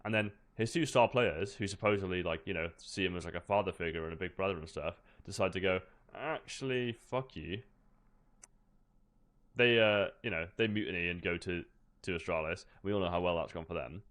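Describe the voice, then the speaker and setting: A man's voice: low voice, fairly even intonation, fast, fairly bright tone. A man co-hosting a podcast in casual chat, rambling and laid-back, swearing now and then. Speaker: podcast co-host.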